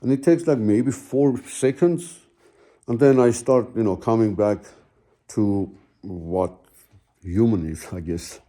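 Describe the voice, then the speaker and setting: A middle-aged man telling a personal story slowly and haltingly, searching for words with many fillers. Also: on the low side, dark tone. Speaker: guest telling his own story.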